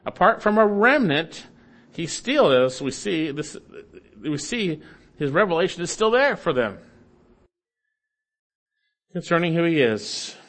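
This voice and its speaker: A man's voice: big pitch swings, measured pace, long pauses. Man preaching with emphatic swings. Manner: expository preaching, swings between emphatic rises and quiet low endings. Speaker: pastor. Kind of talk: sermon.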